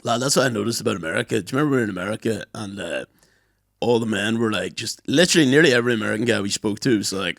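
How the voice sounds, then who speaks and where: An Irish man in a casual podcast chat, quick to joke and tease. His pitch swings widely as he talks, from a middling base. The recording is close and dry. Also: vocal fry, dry recording. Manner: animated, joking and teasing. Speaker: podcast co-host.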